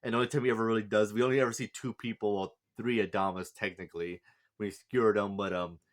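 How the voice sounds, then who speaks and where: A man's voice: lowish voice, fairly even intonation, fast talker. Rambling man recapping an anime. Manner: rambling, heavy on fillers and restarts. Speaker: anime reviewer. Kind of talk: casual plot recap and character review.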